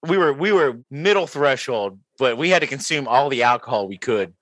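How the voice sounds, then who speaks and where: A young man hosts a casual podcast chat over drinks, rambling through stories and laughing often. His voice is bright and forward, and the sound is dry and close with no room echo. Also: mid-range voice, expressive, fairly quick. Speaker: podcast host.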